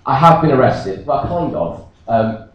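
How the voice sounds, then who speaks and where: A man from Britain, a pastor, preaching a sermon and telling a personal story in a jokey, animated way. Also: medium pitch, a little slow, muffled recording. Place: church. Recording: echoey church from a distance.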